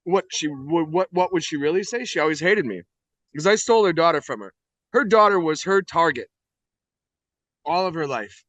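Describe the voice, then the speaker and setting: A middle-aged man from the United States, an interview guest telling his story candidly in a blunt, profane, animated way. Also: a little high, normal speed, dry recording.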